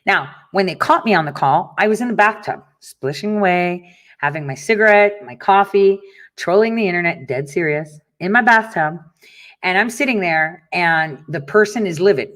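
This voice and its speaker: A woman's voice: fairly low pitch, animated, moderate pace, fairly bright tone. A middle-aged woman hosting a talk show, telling stories and ranting bluntly with frequent swearing and laughs. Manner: blunt and profane, storytelling with laughs. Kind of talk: casual monologue to listeners.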